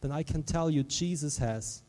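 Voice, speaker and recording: A man preaching a sermon, his voice on the higher side for a man and carrying a long reverb through the hall. He delivers the sermon animatedly, swinging from quiet, hushed passages to loud, emphatic ones. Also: moderate pace. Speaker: pastor.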